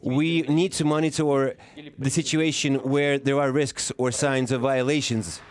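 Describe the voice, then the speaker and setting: A man giving a live interpretation of a formal speech, halting and often pausing to correct himself. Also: mid-range voice, steady tone. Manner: halting, with frequent pauses and self-corrections. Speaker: simultaneous interpreter.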